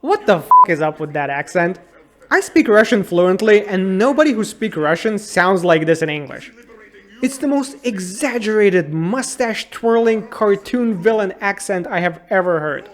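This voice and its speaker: Sarcastic high-voiced man reviewing an old game. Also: animated, normal speed. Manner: sarcastic, incredulous, exasperated. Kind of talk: comedic game retrospective narration.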